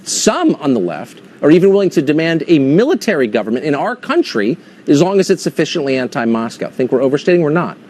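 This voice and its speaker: A man's voice: a little high, sing-song, fast talker, hardly any pauses, darkish tone, a little hiss or hum. A man hosting a cable news interview segment, asking pointed, skeptical questions. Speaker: host.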